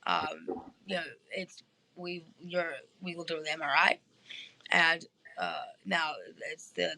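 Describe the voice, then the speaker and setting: Speaking as an interview guest over a phone or video call, a woman tells a long, rambling story from a hospital room, full of fillers and restarts. Her voice sits low and sounds gravelly, bright, and forceful in this casual chat.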